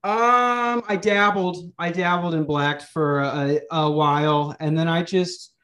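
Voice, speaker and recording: The podcast host's voice is a little high and sharp in tone, and he takes his time. Speaking through a remote call mic, he rambles casually and crudely, full of jokes and frequent restarts.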